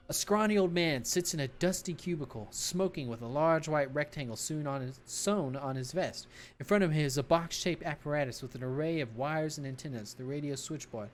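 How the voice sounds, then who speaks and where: A man's voice: on the high side, fairly quick, a little hiss or hum. Man narrating a game aloud. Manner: casual, swears, laughs at the game. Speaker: game streamer.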